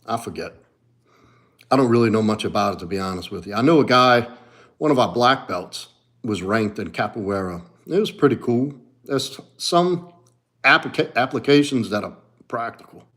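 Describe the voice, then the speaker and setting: A middle-aged martial arts coach with a New Orleans accent reads comments on a livestream in a casual chat. He's blunt and profane, sinking to low mutters and then rising into animated bursts, all at a moderate pace.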